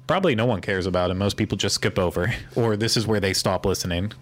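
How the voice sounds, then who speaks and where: A man's voice: lowish voice, quick pace. A man co-hosting a podcast, rambling through casual chat with joking sarcasm. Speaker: podcast co-host.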